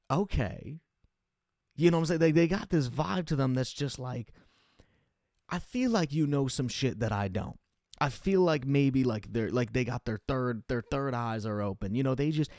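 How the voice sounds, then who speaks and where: A young man spins a rambling, profane comic story, circling back on himself with fillers and restarts. His voice sits at an ordinary middle pitch, and the recording is close and dry, with no room sound. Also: a little mellow, dry recording. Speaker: comedian telling a story. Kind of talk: casual storytelling monologue.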